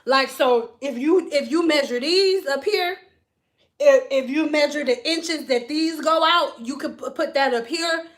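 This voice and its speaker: Giggly high-voiced woman vlogger. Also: a little slow. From Detroit. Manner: giggly, rambling, laughs a lot. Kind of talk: casual livestream chat.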